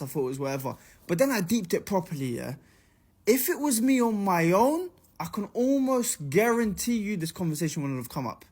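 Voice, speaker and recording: Twenties London man, storytime vlogger, lively, slightly high voice. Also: breathy edge. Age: 20s. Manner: animated, slangy. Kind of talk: storytime vlog.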